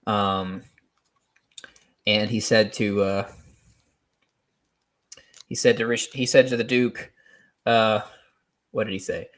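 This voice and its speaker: A man hosting a solo show, talking off the cuff in a rambling, hesitant way with many pauses, restarts and small laughs. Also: fairly low pitch, fairly even intonation. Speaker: podcast host. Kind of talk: unscripted solo commentary.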